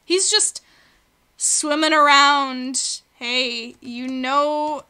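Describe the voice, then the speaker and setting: A woman's voice: sits high, fairly even intonation, extremely slow, pushed and bright. A woman hosting a video game let's play, chatting playfully and talking to the creatures on screen. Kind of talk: gaming commentary.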